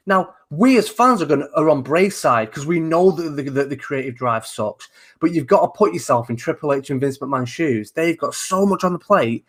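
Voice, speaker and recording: This is a man in casual chat on a talk show. He talks in an animated, rambling way, swears freely and keeps restarting his sentences. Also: on the high side, normal speed. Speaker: co-host of a wrestling talk show.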